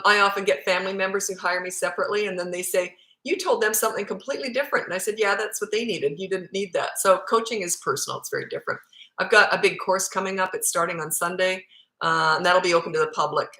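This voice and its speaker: A woman's voice: on the low side, pushed and bright. A woman parenting coach answering viewer questions live, speaking in a blunt, emphatic way. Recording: echoey room.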